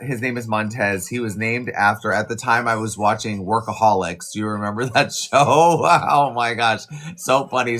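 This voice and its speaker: A man's voice: fairly low pitch, fairly bright tone. Chatty man rambling on a live stream. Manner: chatty, rambling, quick asides to viewers. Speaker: livestream host. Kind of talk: casual live chat.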